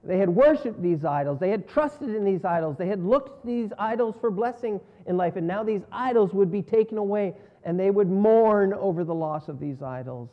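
Man, sermon, high voice, earnest, dull muffled recording. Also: animated, normal speed, hardly any pauses. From North America. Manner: earnest preaching, rising on emphasis and dropping low at phrase ends. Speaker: pastor. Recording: dull lo-fi sound.

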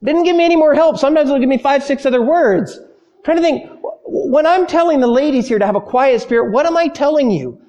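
A man with a high, light voice preaching a sermon. He is an animated storyteller who acts out panicked voices, then slows and softens on the phrases he wants to stress.

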